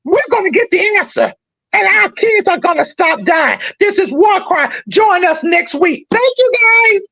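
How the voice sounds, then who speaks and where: Fiery, high-pitched woman host. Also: animated, measured pace, creaky, dry recording, dull audio. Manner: impassioned, preaching, often shouting. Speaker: podcast host. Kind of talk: live call-in podcast.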